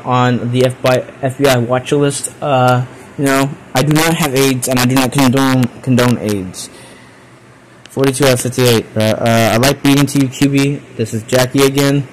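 A young man hosting a livestream, reading viewer confessions aloud and reacting with loud exasperated swearing. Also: mid-range voice, slight background noise, low-quality recording. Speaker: streamer host.

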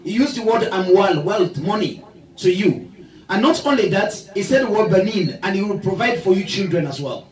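A man's voice: sits high, lively intonation, a little fast, a little mellow. A male Islamic lecturer giving a religious talk in a mosque hall, jovial and laughing often as he leads the audience in repetition. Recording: echoey hall, from far off.

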